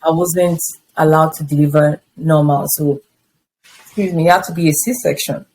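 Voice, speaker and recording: A woman in her fifties speaks as an interview guest, sharing a personal testimony. Her voice sits a little low and has a husky, breathy grain. She tells the story with animation and acts out what people said to her. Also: steady tone, normal speed, a little mellow, poor audio. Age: 50s.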